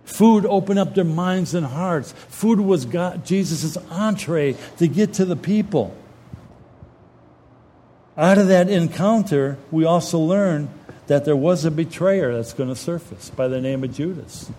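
A man preaching a sermon, retelling scripture in a lively, colloquial storytelling way. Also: on the high side, unhurried.

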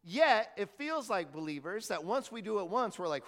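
A man preaching to his congregation in a loose, conversational way, often checking in with them through questions. His voice sits high for a man. The sound carries the long reverb of a church hall. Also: big pitch swings, normal speed. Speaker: pastor. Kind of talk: sermon.

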